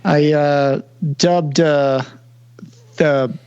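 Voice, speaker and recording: A talkative man co-hosting a podcast, chatting casually with plenty of fillers. His voice sits on the higher side. The audio is dull and lo-fi. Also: steady tone, very slow, darkish tone, clean tone. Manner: chatty, self-deprecating, many fillers. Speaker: podcast co-host. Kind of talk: casual chat.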